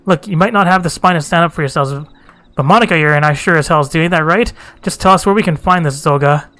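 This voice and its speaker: A man puts on a blunt, tough warrior woman from a fantasy game, scornful and loud. The delivery sits somewhat higher than his own voice, with faint music under it. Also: fast talker, close to an everyday voice.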